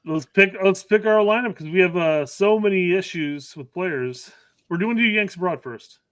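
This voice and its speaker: A man's voice: high-pitched, normal speed, a bit bright, smooth, dry recording. A man co-hosting a casual soccer podcast, rambling and hedging with fillers. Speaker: podcast co-host. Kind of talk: casual sports chat.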